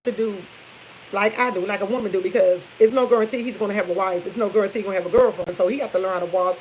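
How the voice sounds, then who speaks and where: A woman's voice: medium pitch, rapid-fire, muffled recording, slight background noise. Chatty woman in her fifties. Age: 50s. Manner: chatty, animated storytelling, addresses viewers as y'all. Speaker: vlogger. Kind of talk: casual morning coffee chat. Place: home kitchen, indoors.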